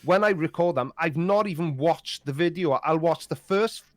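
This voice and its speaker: Welsh male guest, self-deprecating chatter, higher voice, dry recording. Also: moderate pace, no room sound. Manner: self-deprecating, stammers on restarts. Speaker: guest YouTuber. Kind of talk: casual podcast chat.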